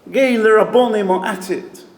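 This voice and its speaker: A man's voice: sits high, normal speed. A man, a rabbi, giving an emphatic, storytelling talk at an event. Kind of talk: sermon-style talk at an event. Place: event hall. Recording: echoey hall with long reverb.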